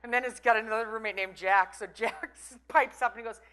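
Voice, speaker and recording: A woman's voice: fairly high pitch, steady tone, a little fast, few pauses, fairly bright tone, smooth. A middle-aged woman from Minnesota, giving a chatty, playful motivational talk and teasing the audience. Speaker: conference breakout speaker.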